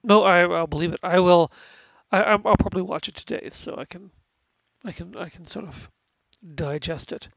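A man's voice: high voice, normal speed, creaky, a bit bright, no room sound, dull audio. A man with stuffy sinuses co-hosting a casual chat about TV, rambling with many restarts and fillers. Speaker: podcast co-host.

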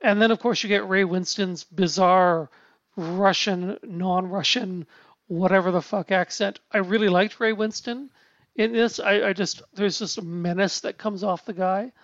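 A man chatting casually about a film, halting often with restarts, fillers and casual swearing. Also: high voice, fairly even intonation, a bit bright, no room sound. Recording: dull lo-fi sound.

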